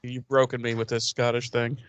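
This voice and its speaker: A man's voice: medium pitch, flat delivery, fairly quick, clear, resonant tone, dry recording. Dry-witted male podcast co-host. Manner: dry, sarcastic quips. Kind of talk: casual chat recapping an episode.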